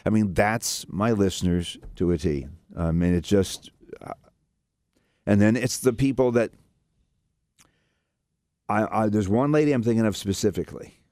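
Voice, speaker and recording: A man with a very low voice hosts a radio talk show, rambling earnestly and restarting his sentences often. The studio sound is dry and close. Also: normal speed, long pauses, a little mellow, dry recording.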